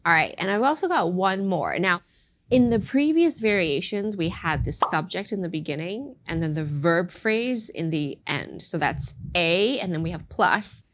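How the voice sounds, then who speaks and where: A woman teaching a casual language lesson, playful, modeling phrases slowly and clearly. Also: fairly low pitch, lively intonation.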